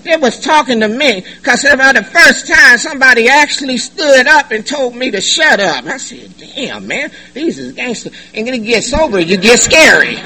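A middle-aged man giving a personal testimony at a recovery meeting, animated and joking, in loose slangy talk. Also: very high voice, normal speed, hardly any pauses, poor audio. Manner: animated, joking, colloquial, laughs often. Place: meeting room.

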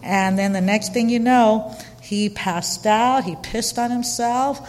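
A middle-aged woman candidly telling her own life story, chatty and animated with lots of fillers. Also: fairly high pitch, slow pace. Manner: chatty and animated, frequent fillers and quoted dialogue. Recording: long reverberant hall.

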